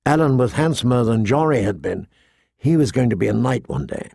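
A man narrating an audiobook in a measured, expressive storytelling manner. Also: mid-range voice, vocal fry, no room sound, clean studio sound. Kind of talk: audiobook reading.

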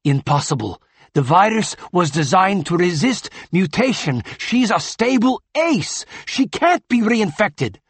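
A male narrator plays an alien doctor pushed past his limits. The voice is frantic and pleading, lifted above the narrator's own and a bit raspy. It is recorded close and dry. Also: high-pitched, very animated, measured pace, no room sound, voice pushed up, full character voice.

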